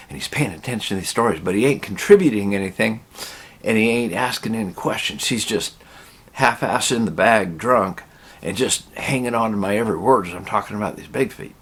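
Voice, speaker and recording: Gravelly, husky man telling a tale. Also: fairly low pitch, lively intonation, fairly bright tone. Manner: folksy, rambling, drawn-out telling. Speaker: storyteller. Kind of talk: casual spoken storytelling.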